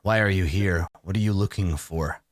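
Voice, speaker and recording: A man voicing a weary, bitter ancient male vampire, speaking slowly and gravely. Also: low-pitched, dry recording, clean studio sound, voice pushed down, close to an everyday voice. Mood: brooding. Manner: grave, slow and brooding.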